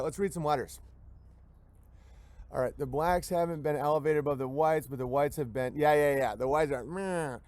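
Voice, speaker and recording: Man, show host, high-ish voice, dry close sound, rambling comedic rant, sardonic. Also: no echo. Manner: sardonic, acts out quoted voices mid-sentence. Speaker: livestream show host reading viewer messages.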